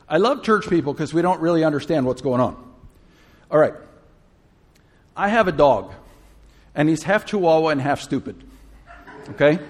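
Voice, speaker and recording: A man delivers a sermon with a notably high voice. He talks to the congregation casually, asking questions and tossing in humorous asides. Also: slightly rough. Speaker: preacher.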